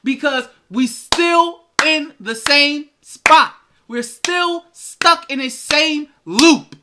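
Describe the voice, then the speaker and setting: A man's voice: very high-pitched, extremely slow, background noise. A man hosting a live sports stream, ranting in exasperation and repeating phrases for emphasis. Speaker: sports livestream host.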